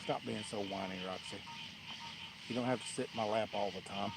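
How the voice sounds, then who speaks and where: A man's voice: on the low side, steady tone, brisk. A man hosting a casual live fishing stream by the water at night, laughing often as he tells funny stories. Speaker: fishing livestream host. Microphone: camera on a tripod. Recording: outdoor night noise clearly audible.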